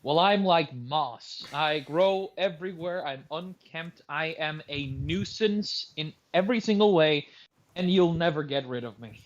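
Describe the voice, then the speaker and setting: A man's voice: fairly high pitch, animated, measured pace, lo-fi sound. A man from Norway with a Norwegian accent, co-hosting a casual podcast with sarcastic, crude banter. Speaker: podcast co-host.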